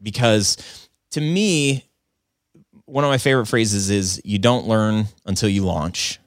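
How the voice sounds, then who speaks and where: Low-voiced man, rambling casual storytelling. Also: a little slow, no room sound, clean studio sound. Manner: rambling, filler-heavy with frequent "like" and "um"; earnest and self-reflective. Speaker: video business owner and podcaster.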